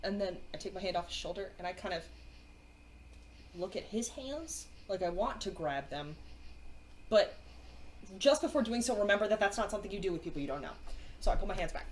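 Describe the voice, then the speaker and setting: A woman's voice: mid-range voice, animated, fairly quick, long pauses, slight background noise. A woman playing a tabletop role-playing game, rambling and stammering as she describes her character. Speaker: player. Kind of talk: tabletop role-play chat.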